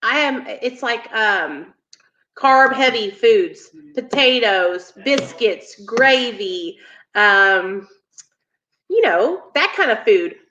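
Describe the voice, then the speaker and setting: A woman's voice: fairly high pitch, animated, very slow, bright, forceful tone, dull audio. A woman co-hosting a casual live stream and talking to viewers in a chatty way. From American South. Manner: chatty, addresses viewers as y'all. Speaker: co-host.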